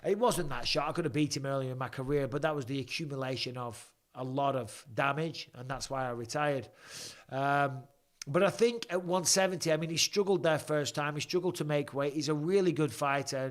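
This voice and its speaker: A man's voice: mid-range voice, a little fast. A man, chatting casually and swearing while commentating a fight and answering viewer questions on a livestream. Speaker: fight companion livestream host. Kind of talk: casual live commentary and chat.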